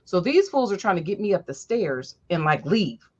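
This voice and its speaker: A woman host telling family stories in a casual, profane, animated way, jumping up high when she acts out quotes. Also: normal speed, breathy edge, muffled recording. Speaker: podcast host. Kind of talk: casual storytelling chat.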